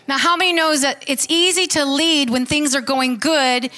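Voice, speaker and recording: A woman's voice: high voice, normal speed, few pauses, sharp tone. A woman preaching a sermon, fervent and calling questions out to her congregation.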